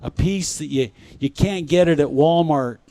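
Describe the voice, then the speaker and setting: A man giving a spiritual talk at a conference, speaking gently and reflectively and often repeating his phrases. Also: on the high side, normal speed, no room sound.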